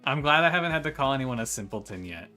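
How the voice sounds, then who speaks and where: Bright-voiced man streaming a game. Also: mid-range voice, animated, fast. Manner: chatty, swears freely, laughs while talking to chat. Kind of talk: casual live-stream chat. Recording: faint music behind the voice.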